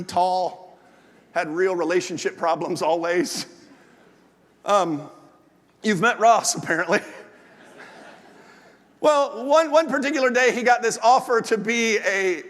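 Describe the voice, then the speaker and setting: A male pastor with a strikingly high voice delivers a sermon in an animated storytelling manner. His words ring out with a long reverb from a large church hall. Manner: animated storytelling with acted asides.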